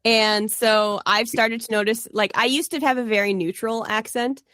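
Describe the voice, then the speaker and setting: A woman's voice: a little high, steady tone, normal speed, a bit bright, no room sound, studio quality. A Canadian woman from the Toronto area, co-hosting a podcast in casual chat, talkative and laughing often as she wanders off on tangents. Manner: chatty, laughs often, digressive. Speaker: podcast co-host.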